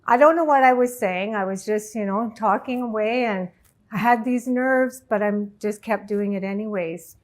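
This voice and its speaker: A middle-aged woman, a life coach, telling a personal story to an audience in an emotional, halting way. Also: medium pitch, a bit bright. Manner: emotional, halting, tearful at times.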